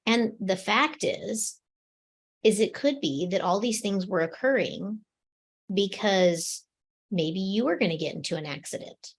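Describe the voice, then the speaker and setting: A woman's voice: mid-range voice, lively intonation, measured pace, slightly rough. A woman co-hosting a spiritual talk show, walking through everyday examples as she talks. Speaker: podcast co-host.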